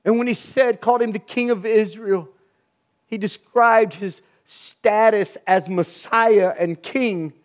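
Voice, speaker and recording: Guy preaching, real high voice, slow n fervent, says stuff over and over for emphasis. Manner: fervent, emphatic, repeats phrases for stress. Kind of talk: sermon.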